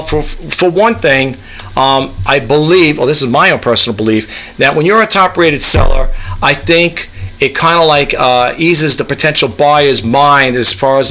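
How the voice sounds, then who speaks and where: Gravelly rambling man reading out a website. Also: fairly high pitch, measured pace, bright, forceful tone. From New York, US East Coast. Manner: rambling, repeats "okay?" and "you know". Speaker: eBay reseller vlogger. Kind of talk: casual screen-share walkthrough.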